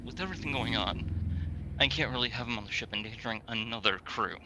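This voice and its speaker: A man's voice: medium pitch, fast talker, noisy background. A man playing his character in a tabletop game, speaking in a matter-of-fact, businesslike way. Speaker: player. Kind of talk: casual in-character play.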